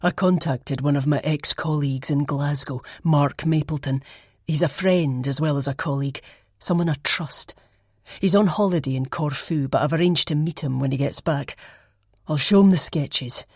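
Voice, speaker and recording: A woman voicing a reflective male ex-detective in an audiobook, speaking in a measured, thoughtful way. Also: sits low, a little mellow, breathy edge, no room sound, clean studio sound. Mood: matter-of-fact. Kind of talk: audiobook character reading.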